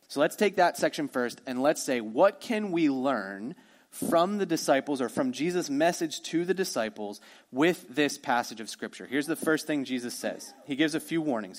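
Conversational preaching man, fairly high. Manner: conversational preaching, swings from emphatic to hushed. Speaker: pastor. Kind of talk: sermon.

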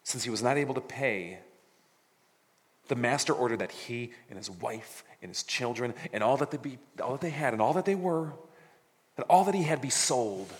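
A man preaching a sermon, reading scripture dramatically and adding casual jokes. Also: mid-range voice. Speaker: pastor. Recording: reverberant hall.

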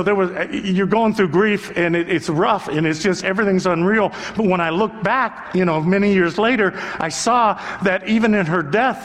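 High-voiced older preacher in a reverberant hall. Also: male voice, fairly bright tone. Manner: earnest, conversational preaching with emphatic repetition. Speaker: pastor. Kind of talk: sermon.

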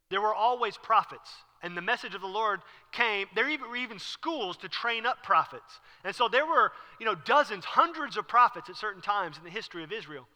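A man preaching a sermon as pastor, talking casually and acting out the scene with sudden loud bursts. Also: high voice. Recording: long reverb hall.

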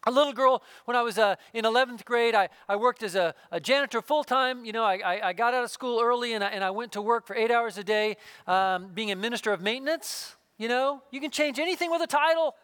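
High-voiced man preaching a sermon. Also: fast talker, hardly any pauses, clean tone, dry recording, studio quality. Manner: earnest storytelling preacher, drops to a hushed voice for intimate moments. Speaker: pastor.

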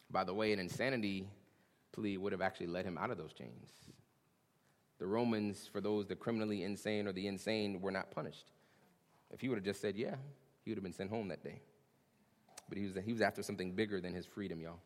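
A man's voice: lively intonation, fairly quick. Man preaching in an echoing hall. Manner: dynamic preaching, swings from hushed to booming, says "y'all". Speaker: pastor. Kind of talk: sermon. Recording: long reverb of a large hall.

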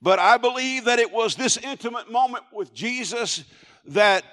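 A man pastor delivering a sermon, swinging from hushed softness to loud shouting in an emphatic, repetitive preaching cadence. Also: very high voice, moderate pace, long reverb tail.

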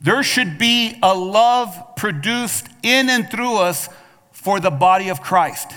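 A man's voice: sits high, lively intonation, takes it slowly, pushed and bright. A male pastor preaching a sermon, calling out to the congregation for responses and often restarting his words with repeats. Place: church sanctuary. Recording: long hall reverb from a church.

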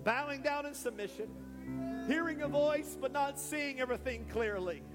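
A man preaching an impassioned sermon in church, building to shouts, and calling people forward. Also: very high voice, normal speed, long reverb tail, over loud music. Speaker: pastor. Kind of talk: sermon with altar call. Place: church sanctuary.

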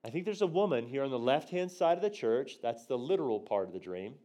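Teaching prophecy to a church group, a fast-talking preacher tells a story and performs his own quoted lines with sharp shifts in pitch and volume. Tender moments bring his voice down, while punchlines make it leap up.

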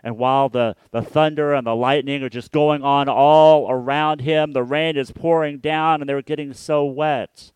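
A man preaching a reflective sermon as a pastor. He often repeats words and trails off softly at the ends of his phrases. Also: mid-range voice, fairly even intonation, moderate pace, few pauses, clean tone, no echo.

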